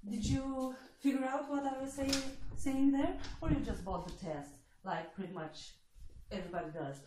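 A woman's voice: high-pitched, moderate pace. A woman from Eastern Europe talking in a blunt, sarcastic casual monologue, swearing freely as she addresses applicants to her test. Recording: echoey room with faint noise.

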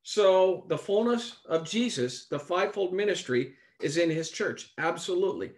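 A man's voice: sits high, expressive, moderate pace. A man preaching in a conversational Bible-teaching style, emphatic, repeating key phrases and asking rhetorical questions.

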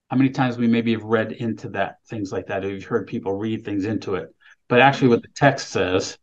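A man's voice: on the low side, a little fast, highs cut off. A man preaching a sermon, reading scripture aloud with rising emphasis and then explaining it plainly. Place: California, speaking remotely.

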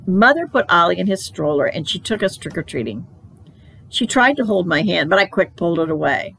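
A woman reading a children's book aloud for library storytime, in a playful, animated storytelling manner. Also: fairly low pitch, a little fast, vocal fry, slight background noise, rough recording.

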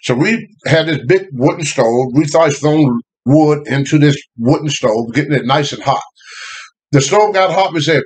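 An older man with a drawl tells a tale from his childhood. His voice sits a bit high for a man, and he talks in animated bursts. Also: moderate pace, slightly rough. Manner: animated, laughing, rising to shouts at the climax. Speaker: storyteller guest. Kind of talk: casual storytelling.

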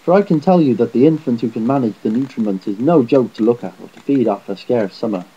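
A man's voice: medium pitch, quick pace, warm tone, husky, muffled recording, close to an everyday voice. A man voicing a boastful, hot-tempered giant warrior who roars and blusters. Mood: astonished. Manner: roaring, blustering.

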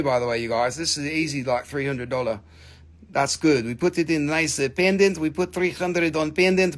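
A man hosting a live stream and selling gemstones, joking and cursing in loose, broken grammar as he talks into his phone. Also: a little high. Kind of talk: casual live-stream sales pitch.

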